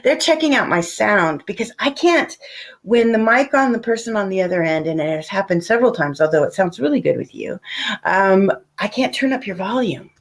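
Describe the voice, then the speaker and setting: A woman hosts a casual podcast interview over a video call. She rambles through her questions, stacks up fillers and breaks into giggles. Her pitch sits at an ordinary middle height for a woman. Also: animated, brisk. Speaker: podcast host.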